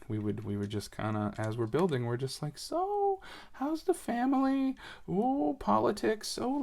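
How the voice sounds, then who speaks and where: This podcast host is a young New England man with a lowish voice and some vocal fry. Alone on a casual episode, he chats and rambles, full of filler words, while putting together a Lego set.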